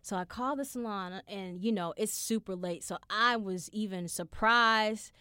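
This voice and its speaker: A woman's voice: medium pitch, measured pace, clear, resonant tone, dry recording. Young woman rambling a story on her podcast, cussing, dry close sound, mid voice. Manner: chatty, profane, animated, acts out her own quotes. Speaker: podcast host. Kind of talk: casual storytelling monologue.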